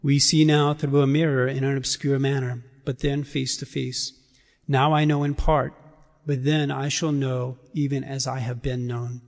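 A man preaching in a church, his voice trailing off into a long hall reverb. He speaks in a measured, emphatic way with deliberate pauses. His pitch sits in an ordinary middle range for a man. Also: little pitch movement, vocal fry. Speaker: priest. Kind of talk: liturgical reading and sermon.

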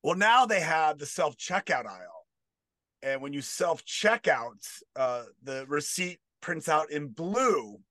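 A man performing a stand-up comedy bit, deadpan with rambling asides. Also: on the high side, slow, no echo.

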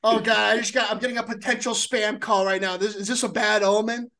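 A man with a high voice hosting a sports podcast. He rambles with plenty of restarts and swears freely, getting loud and excited in casual banter with his co-hosts. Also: fairly quick, creaky. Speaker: podcast host.

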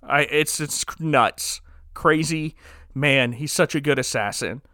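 A man casually recapping a movie plot on a podcast, rambling and joking with quick asides. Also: on the high side, pushed and bright, no room sound, studio quality. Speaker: podcast co-host recapping a film.

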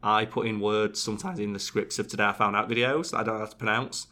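Man, young, lowish voice, bright tone, jokey, casual chat. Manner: fast, animated, jokey storyteller. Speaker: YouTube channel co-host.

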